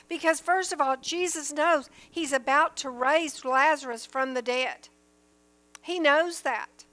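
A woman's voice: high-pitched, takes it slowly, pushed and bright. A woman teaching from the Bible in an earnest, emphatic sermon style, reading verses aloud and explaining them.

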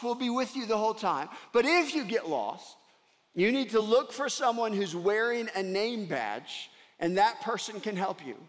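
High-voiced man preaching in a hall. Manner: earnest, swings from loud to hushed. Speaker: pastor. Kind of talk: sermon storytelling. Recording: long reverb of a large hall.

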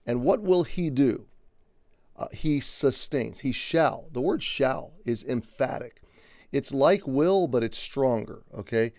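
A man's voice: medium pitch, expressive, slow pace, warm tone, dry recording. Earnest man teaching scripture, dry sound. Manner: earnest, often checks in with "okay?" and restarts phrases. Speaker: Bible teacher. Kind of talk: conversational Bible teaching.

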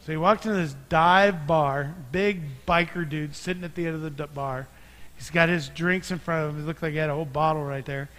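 A man's voice: on the high side, fairly even intonation, fairly quick, a bit bright, big-room sound. A man preaching a sermon as pastor, talking conversationally and joking as he tells stories. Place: church sanctuary.

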